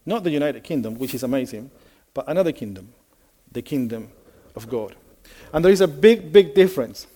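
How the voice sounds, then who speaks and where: Chatty preacher man, mellow voice. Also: medium pitch, lively intonation, brisk. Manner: conversational storytelling, many fillers, asks the audience questions. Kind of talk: sermon.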